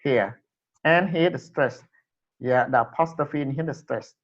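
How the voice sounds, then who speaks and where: Guy teaching english, slow and halting, keeps repeating words, muffled lo-fi audio. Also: medium pitch. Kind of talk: classroom English lesson. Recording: dull lo-fi recording.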